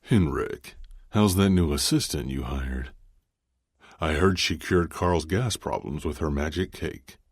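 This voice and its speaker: A man's voice: very deep voice, a little slow, breathy edge, dry recording, studio quality, heavily acted. A man voicing a cheerful older company founder who teases his friend in an audiobook. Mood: jovial.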